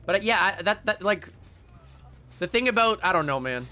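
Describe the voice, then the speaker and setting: A man's voice: high-pitched, expressive, normal speed, bright, forceful tone, slight background noise. A young man streaming a game live, casually ranting and swearing, laughing at himself between rants. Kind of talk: casual live-stream chat while gaming.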